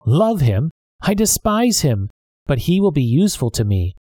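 A man's voice: on the high side, big pitch swings, normal speed, dark tone, dry recording, studio quality, voice pushed up. A man voicing a cruel scheming noblewoman, sneering and contemptuous. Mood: scornful. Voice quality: sneering, scornful.

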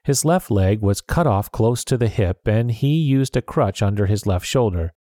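A man narrating a story in a measured, steady reading. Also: on the low side, dry recording, clean studio sound.

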